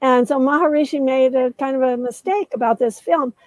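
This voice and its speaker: High-voiced older woman telling a story. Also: fairly quick, dry recording, rough recording. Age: 70s. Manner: detailed storyteller, many "uh" fillers. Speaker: guest author. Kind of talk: storytelling in a conversation.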